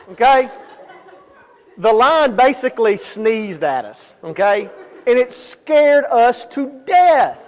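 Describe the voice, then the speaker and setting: Male preacher, high voice, lively storytelling with loud-soft swings, long church reverb. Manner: animated storyteller, swinging between loud emphasis and quiet asides. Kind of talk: sermon. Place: church sanctuary. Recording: echoey church hall.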